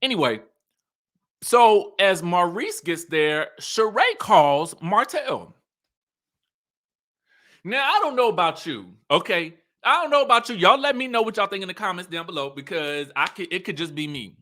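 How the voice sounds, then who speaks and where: Southern guy, highish bright voice, animated, laughing a lot while recapping tv. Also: normal speed. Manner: animated storytelling, acts out cast members' lines; laughs often. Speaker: reality TV recap host. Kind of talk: casual chat.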